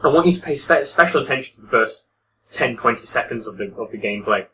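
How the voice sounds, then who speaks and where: A man with a bright, forward voice talks through a game in a loose, conversational review. He is critical and often stops and restarts mid-sentence. He sits a little back from the mic, with a faint hiss underneath. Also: medium pitch, animated, fast talker, far from the mic, poor audio. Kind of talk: casual commentary over gameplay.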